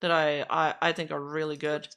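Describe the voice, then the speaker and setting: A woman streamer giving casual reaction commentary, chatty, self-deprecating and quick to defend herself. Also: low-pitched, level tone, fairly bright tone.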